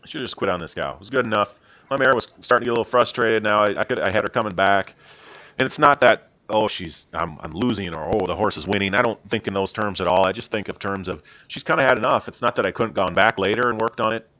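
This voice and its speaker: Over his own riding footage, a deep-voiced male horse trainer gives a calm, plain-spoken voice-over and owns up to his mistakes. His delivery is quick, and the recording sounds somewhat dull and lo-fi.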